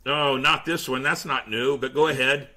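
On a pirate-themed podcast, this man, a pirate museum tour guide and entertainer, is an animated storyteller who acts out quotes in casual chat. He speaks at normal speed in a medium-pitched voice.

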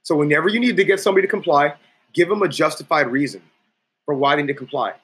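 A man's voice: a little high, fast talker, a bit bright, husky. A man giving a profane, emphatic coaching talk, acting out quoted people in different voices. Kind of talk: coaching talk with acted-out anecdotes.

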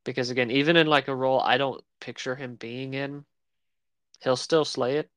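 A man's voice: mid-range voice, steady tone, moderate pace, a bit bright, smooth, no echo. A man co-hosting a podcast in casual chat, easygoing and joking, with frequent fillers and hesitations. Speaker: podcast co-host.

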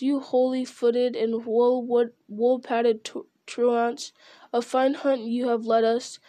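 A woman's voice: on the high side, a little mellow. A woman reading a hot-tempered male dwarf, blustering and indignant.

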